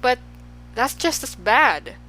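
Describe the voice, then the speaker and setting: A woman's voice: on the high side, animated, slow, pushed and bright, slight background noise, voice pushed up, exaggerated voice, poor audio. A woman voicing a polite, puzzled young boy in an audiobook, asking earnest questions. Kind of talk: audiobook character voice.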